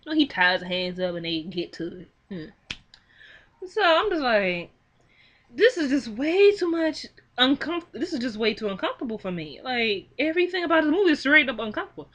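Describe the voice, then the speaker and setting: A young woman talks through a movie plot in a casual, animated way. Her voice sits a little high and bright. She keeps slipping into quick quoted lines for the characters. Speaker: film reviewer. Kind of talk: casual movie recap and commentary.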